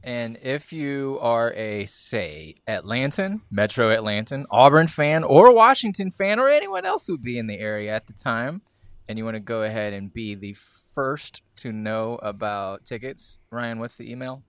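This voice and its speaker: A male podcast co-host who speaks at a middle pitch with a deadpan, wordy delivery, often pausing on "um." The recording is dry and close. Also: clear, resonant tone, no echo. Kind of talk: casual chat.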